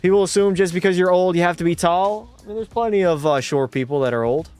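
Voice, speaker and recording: A young man streaming a hockey video game live, commentating excitedly, swearing and chatting with viewers. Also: sits high, fast, smooth, faint music behind.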